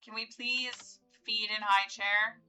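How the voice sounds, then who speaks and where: A woman's voice: medium pitch, fairly even intonation, slow, bright, forceful tone, soft background music, poor audio. A woman giving casual gameplay commentary, chatty and coaxing as she pleads with her game characters. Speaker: gameplay video host.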